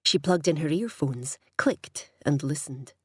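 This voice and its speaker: A woman reading a crime novel aloud in measured, wry scripted narration. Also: deep voice, expressive, darkish tone, breathy edge, dry recording, clean studio sound. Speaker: audiobook narrator.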